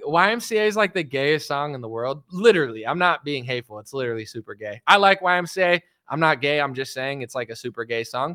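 A man's voice: fairly high pitch, sharp tone, clean tone, dry recording, clean studio sound. A man ranting sarcastically on a casual livestream as a political commentator, rambling with constant fillers.

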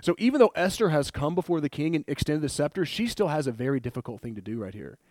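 A man preaching a sermon in a conversational, animated way, laughing often and retelling scripture with acted quotes. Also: fairly high pitch, fast, no room sound, studio quality.

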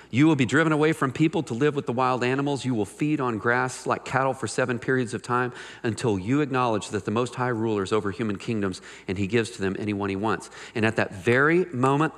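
A man preaching a sermon, animated and conversational, reading scripture aloud and adding jokes and asides. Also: mid-range voice, in a large hall. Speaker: pastor.

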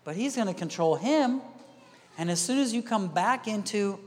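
Guy preaching, kinda higher voice, goes quiet then loud, long echo from a big hall. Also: animated, moderate pace. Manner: conversational, swings from hushed asides to loud emphatic bursts. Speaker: pastor. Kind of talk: sermon. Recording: reverberant hall.

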